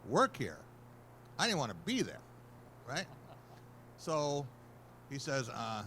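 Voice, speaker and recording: A man's voice: medium pitch, huge pitch swings, takes it slowly, long pauses, bright, forceful tone, slight background noise. A male sportswriter on a panel, telling a wry anecdote and acting out the people in it. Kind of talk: panel talk, storytelling.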